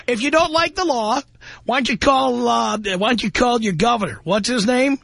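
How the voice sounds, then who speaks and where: High-voiced sarcastic radio host man. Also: moderate pace, vocal fry, a bit bright, dry recording. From New York. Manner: sarcastic, condescending, needling. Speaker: radio talk show host. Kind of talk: call-in talk radio. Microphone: studio broadcast mic.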